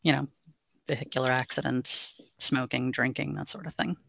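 A woman voice coach speaks in a measured, instructive way during a podcast interview. Her voice has a gravelly, fried texture. The recording is dry and a little dull. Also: rumbling low, dry recording. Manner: calm, instructive, measured explanations. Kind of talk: podcast interview, explaining voice training.

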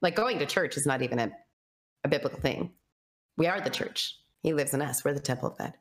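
A woman's voice: deep voice, a little fast. A woman telling her personal story in casual conversation, chatty and earnest, full of fillers and quoted thoughts. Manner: earnest and reflective.

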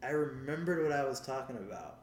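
A man's voice: mid-range voice, a little fast, slight background noise. A man casually telling a rambling, profane story, laughing as he goes. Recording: roomy sound with faint background ambience.

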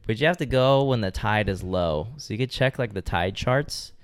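Low-voiced laid-back podcast man. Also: normal speed. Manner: rambling and profane, laid-back storytelling. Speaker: podcast co-host. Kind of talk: casual podcast chat.

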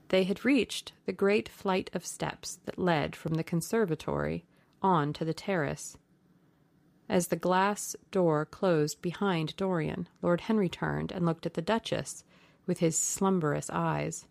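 A woman narrating a classic novel in a measured, even audiobook reading. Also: fairly low pitch, vocal fry, dry recording.

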